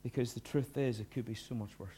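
A middle-aged male pastor giving a sermon, earnest, dropping to hushed lines and rising to loud emphatic bursts. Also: mid-range voice, fairly even intonation, fast, a little hiss or hum.

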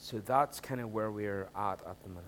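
A man with a lowish voice preaches a sermon briskly and conversationally, posing rhetorical questions and swinging between quiet asides and emphatic points. There is slight background noise.

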